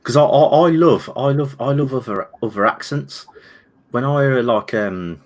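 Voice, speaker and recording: A man's voice: medium pitch, normal speed. A man with a Birmingham accent, co-hosting a casual chat and telling rambling stories with lots of restarts. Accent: Brummie. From England. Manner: rambling, animated storytelling with restarts. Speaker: co-host.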